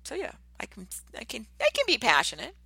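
A woman hosting a motivational podcast, talking passionately and emphatically, and slowing down to stress her key words. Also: on the high side, huge pitch swings, gravelly, sharp tone, breathy edge, dry recording. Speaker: podcast host.

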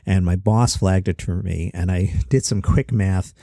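A man's voice: sits low, measured pace, creaky, dark tone, no echo, studio quality. A middle-aged man hosting a comedy news podcast, chatty with jokey asides. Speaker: host.

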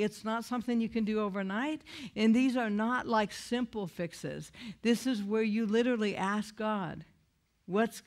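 A woman speaking about recovery in a plain conversational manner. She is earnest and candid, and often stops to restart her sentences. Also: mid-range voice. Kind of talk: conversational testimony talk.

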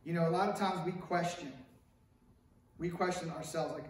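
A man's voice: a little high, steady tone, normal speed, a little hiss or hum. A middle-aged male pastor preaching a sermon, telling stories with acted quotes and asides. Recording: echoey room picked up from a distance.

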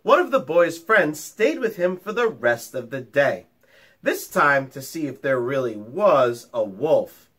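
Man, teacher, storytime read-aloud, slow, lively pitch, chatty asides. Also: slightly rough. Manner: animated, chatty asides to young children. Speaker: teacher reading a picture book to children.

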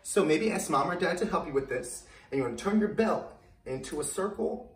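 A man's voice: on the high side, animated, fairly quick. Young male kids' gym coach, bouncy sing-song delivery, roomy echo from a distance, music faintly behind. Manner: upbeat, coaxing kids to repeat phrases. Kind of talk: children's activity class. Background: music playing.

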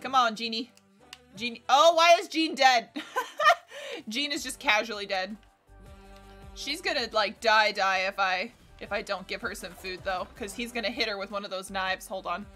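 A woman's voice: mid-range voice, normal speed, sharp tone, soft background music. A woman livestreaming a game in casual chat, scattered and swearing as she talks to herself and to the game.

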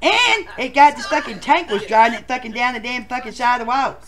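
A performer voicing a crude, rowdy male bachelor contestant, who tells profane stories and bursts into shouts. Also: medium pitch, expressive, brisk, natural voice. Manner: profane storytelling with sudden shouted outbursts. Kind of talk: comic machinima voice acting.

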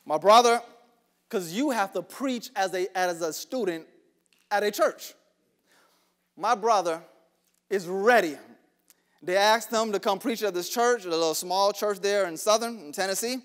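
Standing before his congregation in a church sanctuary, a pastor laughs between lines, calls for responses and rises to shouting. He has a high voice, speaks a little slowly and pauses often.

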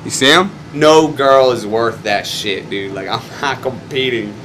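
Young stuntman dude ranting in a hotel room, swears a ton, ordinary pitch, faint ac hum behind. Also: measured pace. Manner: profane, excitable, swings loud when reenacting. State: rough, morning after a wild night. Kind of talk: casual storytelling to camera.

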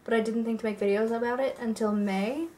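A woman's voice: a little high, fairly even intonation, brisk, dark tone, a little hiss or hum. A young woman chatting casually to her viewers in a rambling vlog, full of fillers. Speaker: YouTuber.

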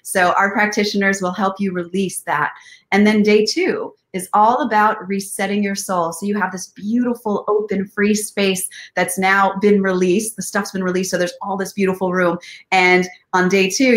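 A woman co-hosts a live online show, talking up an event in an upbeat way. Her voice is mid-pitched and even. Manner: upbeat promotional. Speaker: co-host. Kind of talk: live video chat hosting.

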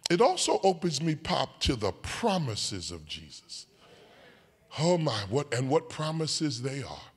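A man preaching a sermon as a bishop, swinging from soft asides to shouted, sing-song whooping lines and calling out to the congregation. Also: on the high side, wildly swooping pitch, a little slow, slightly rough. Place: church sanctuary. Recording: long church hall reverb.

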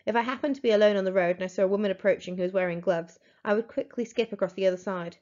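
A woman teacher reading a storybook aloud to pupils, telling it in an expressive, dramatic way. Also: mid-range voice, rapid-fire. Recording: dull lo-fi recording.

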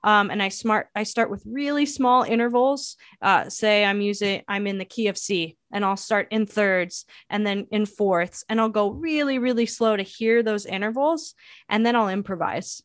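A woman's voice: mid-range voice, moderate pace, no room sound. Dry-sounding reflective woman guest. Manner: thoughtful, reflective, many fillers and restarts. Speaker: saxophonist and educator, guest. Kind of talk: interview answers.

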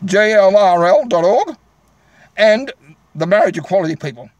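A man's voice: sits high, lively intonation, normal speed, no room sound. A man with an Australian accent delivering an angry, combative rant straight to his viewers, repeating himself as he goes. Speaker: vlogger. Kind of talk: angry direct-to-camera rant.

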